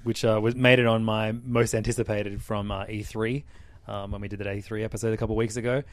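A man's voice: fairly low pitch, flat delivery, fast talker, dry recording, clean studio sound. Laid-back man hosting a podcast. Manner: joking, laughs easily, loose fillers. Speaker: podcast host. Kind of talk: casual chat.

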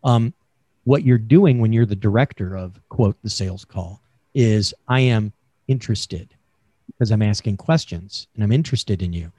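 Mellow-voiced man coaching on sales. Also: on the low side, moderate pace, husky, dry recording. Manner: chatty, coaching, lots of fillers and asides. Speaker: sales expert guest. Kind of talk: casual podcast interview over a call. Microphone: remote call mic.

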